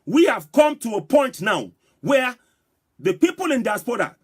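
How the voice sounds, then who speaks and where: A man's voice: very high-pitched, very animated, moderate pace, husky. A man with a Nigerian accent giving impassioned, repetitive live political commentary, daring his viewers to answer him. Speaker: political vlogger.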